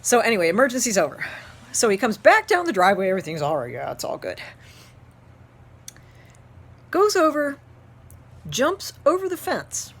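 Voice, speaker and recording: A woman in her fifties from Ohio, an instructor telling a story to her class in an animated way and laughing often. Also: a little high. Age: 50s. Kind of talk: storytelling lecture.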